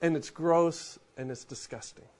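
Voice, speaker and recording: A man in his forties preaches a sermon with a fairly high-pitched voice. He keeps it conversational and drops to a hush to drive a point home. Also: unhurried. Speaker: pastor.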